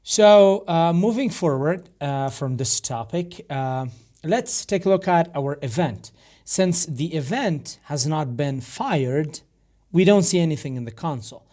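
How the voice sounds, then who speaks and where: A man with a rough, gravelly voice, explaining a coding tutorial step by step with frequent fillers and restarts. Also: a little high, animated, unhurried, mellow. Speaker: programming instructor. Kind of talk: screen-recorded coding tutorial.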